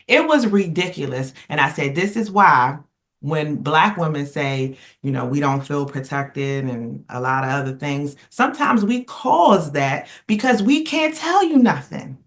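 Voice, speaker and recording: A woman speaking on a casual podcast roundtable, emphatic and animated, circling back and restarting as she tells stories. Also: sits low, a little slow. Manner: emphatic, animated storyteller who rambles and restarts. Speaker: roundtable panelist.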